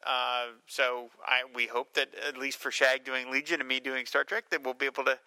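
A man co-hosting a podcast, reading listener mail with a dry, low-key humor. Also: flat delivery, moderate pace, pushed and bright, clean tone, dry recording, poor audio. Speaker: podcast co-host. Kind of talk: casual podcast chat.

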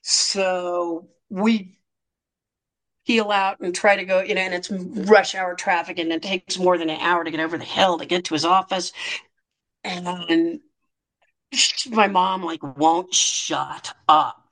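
A middle-aged woman with a slightly low-pitched voice tells a candid story from her past as a child actor. She speaks frankly and with dry wit, often breaking into brief laughs. She restarts phrases as she gathers her thoughts, in the loose rhythm of a conversational interview. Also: fairly even intonation, slow, a bit bright.

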